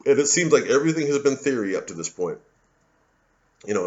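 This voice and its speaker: A man's voice: mid-range voice, expressive, brisk, dull audio. A man giving an angry, profane ranting monologue as a vlogger, often repeating himself and restarting sentences. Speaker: political commentary vlogger.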